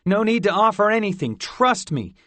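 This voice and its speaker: A male narrator voicing a quick-witted boy who bluffs hastily to cover for a friend. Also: high-pitched, sing-song, fairly bright tone, dry recording, voice pushed up. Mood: bluffing. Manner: hasty, bluffing.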